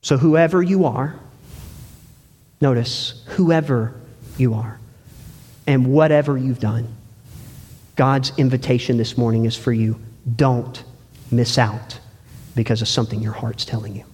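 A man preaching a sermon in a church, earnest and pleading, swinging between loud emphasis and hushed words. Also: mid-range voice, fairly even intonation, measured pace, pauses often, breathy edge. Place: church sanctuary. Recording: long hall reverb.

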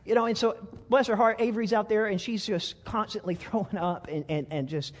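A man's voice: high-pitched, a little fast, big-room sound. A man preaching a sermon as a pastor, telling a story in a folksy way with frequent stammered restarts.

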